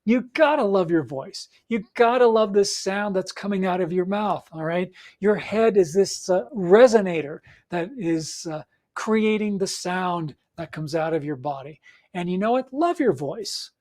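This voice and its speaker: A middle-aged man hosting a solo podcast as an audiobook coach, giving motivational advice and checking in with frequent "right?". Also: unhurried. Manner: encouraging, repeats points with frequent "right?" and "all right?"; acts out nervous clients in a higher, louder voice.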